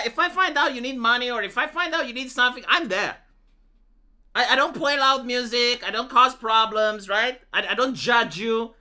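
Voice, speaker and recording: A man from Romania with an extremely high, sharp-toned voice chats casually to his livestream viewers. His stories ramble, with many restarts and lots of swearing.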